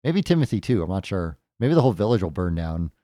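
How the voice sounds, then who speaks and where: A man's voice: low voice, sing-song, fast, mellow, no echo, studio quality. A man casually commentating as he plays a game for the first time, thinking aloud with jokey asides. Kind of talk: casual let's-play commentary.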